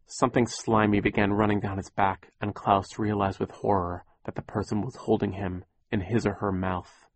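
Low-voiced man reading a story aloud. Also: little pitch movement, moderate pace, few pauses, no room sound. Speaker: audiobook narrator. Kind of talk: scripted narration.

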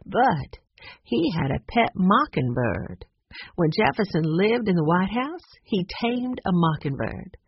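A friendly grown woman explaining things in a low, slightly husky voice, as the reader voices her. Dry, slightly dull recording. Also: sing-song, takes it slowly, no echo, exaggerated voice. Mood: informative.

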